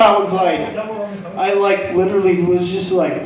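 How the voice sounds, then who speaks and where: On a comedy club stage, a young man with a high voice speaks a little slowly. His stand-up is a profane, animated story in which he acts out the characters, and the recording is echoey and distant with faint noise.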